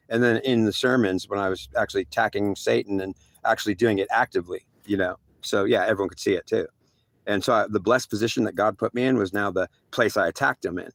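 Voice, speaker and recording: Fast-talking gravelly male storyteller. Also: on the low side, fairly even intonation, no room sound. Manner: rambling, with restarts and slangy asides; acts out quoted dialogue in a raised voice. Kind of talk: rambling first-person story monologue.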